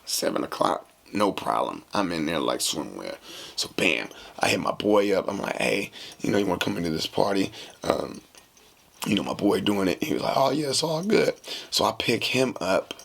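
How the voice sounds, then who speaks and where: A man hosting a podcast, telling a casual story in a slangy, animated way and acting out the dialogue. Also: low voice, creaky. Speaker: podcast host.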